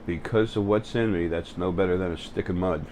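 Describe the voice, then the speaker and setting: On his own spiritual channel, a man with a very low, somewhat dark voice delivers a vlog monologue facing the camera. He halts often, full of fillers and restarted sentences, over a faint hum of background noise.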